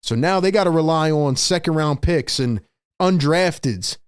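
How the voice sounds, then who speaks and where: A man hosting a live fan stream, calling the game play by play and reacting excitedly while talking to viewers in the chat. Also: on the high side, normal speed, smooth, no room sound, clean studio sound. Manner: excitable, shouts big plays, chats with viewers. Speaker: livestream host.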